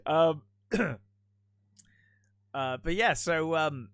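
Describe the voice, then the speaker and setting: A man's voice: on the high side, animated, drawn-out words, vocal fry, a bit bright, clean tone, no echo. Chatty man podcast co-host, dry sound. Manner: rambling, restarts, laughs often. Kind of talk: casual film review chat.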